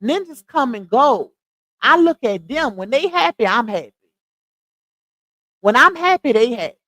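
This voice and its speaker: A middle-aged woman hosts a casual live stream, talking straight to her viewers. Her voice sits fairly high and her delivery is chatty and animated. The sound is dry and close, with no room echo. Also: measured pace. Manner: chatty, animated, addresses viewers as y'all and child. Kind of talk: casual chat commentary.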